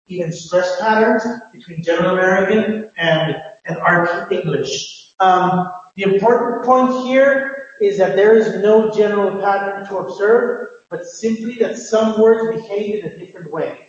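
High-voiced male lecturer in echoey hall. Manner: halting, explanatory, many restarts. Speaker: phonetics lecturer. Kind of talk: classroom lecture. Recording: echoey lecture hall, distant dull mic.

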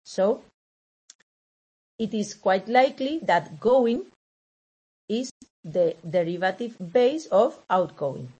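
Slow, hesitant woman lecturing. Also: mid-range voice, lively intonation, dark tone, slightly rough, dull audio. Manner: hesitant, many fillers and self-corrections. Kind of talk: recorded lecture over slides.

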